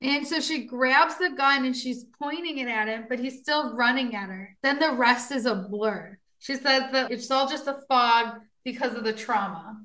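Podcast co-host, woman, bright forward voice, casual true crime storyteller with a bit of a high pitch. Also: normal speed, hardly any pauses. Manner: chatty storyteller, frequent fillers and laughs.

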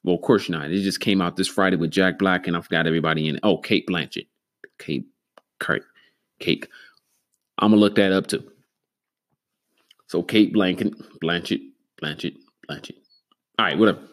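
Low voiced guy rambling solo on his podcast, swears a ton, gets loud and excited. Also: brisk, long pauses. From Denver, Colorado. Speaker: podcast host. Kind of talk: solo casual podcast monologue.

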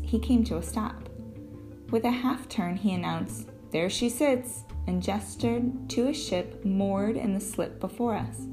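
A woman reading a story aloud as narrator in first person, with clear storytelling. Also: mid-range voice. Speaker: audiobook narrator. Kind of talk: scripted narration.

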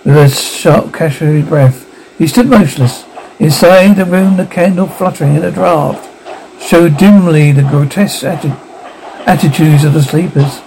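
A man's voice: a little high, moderate pace, a little mellow, a little hiss or hum, poor audio. A man narrating a ghost story aloud as an audiobook, giving the characters light voices of their own.

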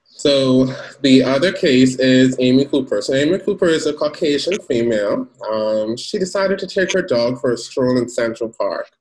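Podcast host retelling a story, mid pitch. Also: normal speed, rough recording. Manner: lively retelling with acted quotes.

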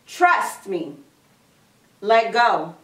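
A woman giving a calm voice of God. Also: high-pitched, slow, pitched below the performer's own voice, full character voice. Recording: echoey room from a distance.

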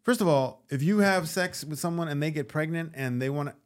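Animated man telling stories on a podcast. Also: a little high, brisk. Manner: animated, acts out quotes in put-on voices. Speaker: podcast guest, actor and comedian. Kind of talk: casual storytelling chat.

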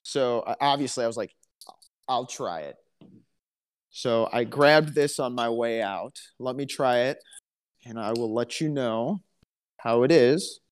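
A man's voice: mid-range voice, unhurried, clear, resonant tone. A man co-hosting a casual podcast, telling stories in a chatty, dry, joking way. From Alabama, US. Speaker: podcast co-host. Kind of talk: casual chat.

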